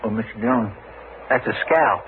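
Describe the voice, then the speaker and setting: A man's voice: medium pitch, normal speed, natural voice. An actor playing an eager, deferential young deputy in an old radio drama, hesitant and folksy in his speech. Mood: anxious. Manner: hesitant, folksy, plain-spoken. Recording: tinny lo-fi old radio broadcast with hiss.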